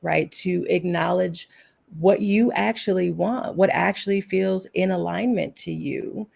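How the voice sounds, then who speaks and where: A woman's voice: fairly low pitch, measured pace, gravelly, darkish tone. A woman, a guest practitioner of the healing arts, giving earnest, reassuring spiritual advice over a remote call, with loose restarts.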